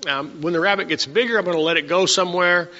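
A male pastor preaching a sermon, reading scripture slowly and then telling homespun stories to his congregation. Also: high voice, sharp tone. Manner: reads verses slowly, then tells folksy stories. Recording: dull lo-fi church recording with long reverb.

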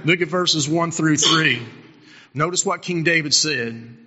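A middle-aged pastor delivers a fervent sermon, his fairly high, bright voice rising to loud appeals and dropping to near-hushed asides. The sound is a bit dull and lingers in a reverberant church hall. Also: measured pace. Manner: impassioned preaching, swinging from loud to hushed.

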